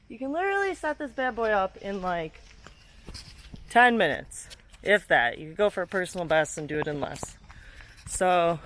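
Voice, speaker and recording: Filming herself by her car outside, a young vlogger talks casually through a tutorial in a smooth, medium-pitched, slightly bright voice. She's a little breathless from the work, swearing, laughing and poking fun at herself as the handheld camera wanders off frame.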